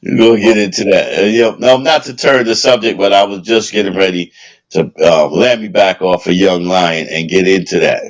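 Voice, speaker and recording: A man's voice: low-pitched, moderate pace, low-quality recording. A man in a group discussion, chiming in hesitantly and repeating himself with fillers. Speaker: discussion participant. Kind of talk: casual chat.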